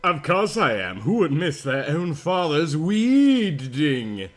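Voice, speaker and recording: Sarcastic spiteful furry-eared girl voiced by a man, low and flat. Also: slow, soft background music. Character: bitter furry-eared young woman, sarcastic.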